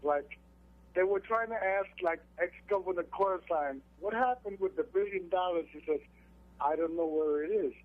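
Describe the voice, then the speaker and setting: A man from Manhattan calling into a radio show, talking haltingly with lots of fillers and sounding indignant. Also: high voice. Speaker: caller. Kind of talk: phoned-in comment to radio show. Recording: tinny phone line.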